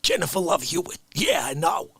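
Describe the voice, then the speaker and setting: Soft-spoken rambling male host. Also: very high voice, huge pitch swings, normal speed, vocal fry, dry recording. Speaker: live show host. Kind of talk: casual chat.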